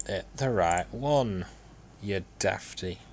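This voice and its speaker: Slow and low-pitched with a little mellowness, this hobby modeller casually mutters to himself while working through a CAD drawing on stream, self-deprecating throughout. Keyboard typing sounds behind him, along with a little hiss or hum.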